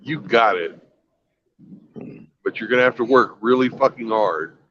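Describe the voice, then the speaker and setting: A man's voice: mid-range voice, unhurried. A man hosts a livestream, chatting casually with a dry, bantering manner. His voice comes through a dull, muffled line. Faint ambient noise sits behind it. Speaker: stream host. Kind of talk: casual chat.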